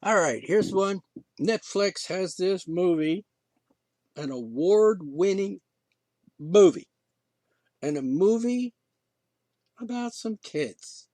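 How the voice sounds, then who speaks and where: A man with a high, lively voice rants indignantly, swinging from sarcasm to exasperation. His delivery is rambling and full of restarts. The recording is dry and close. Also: slow pace, pauses often, dry recording. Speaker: podcast host. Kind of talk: ranting monologue.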